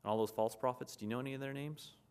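A man's voice: medium pitch, steady tone, very fast, smooth. A man preaching a sermon in an earnest, conversational way, reading scripture aloud and explaining it.

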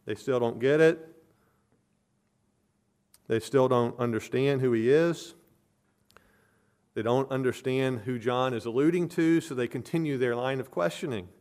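A man's voice: medium pitch, measured pace, pauses often, darkish tone. A man preaching an expository sermon as a pastor, earnest and emphatic, hammering home points with repeated phrases.

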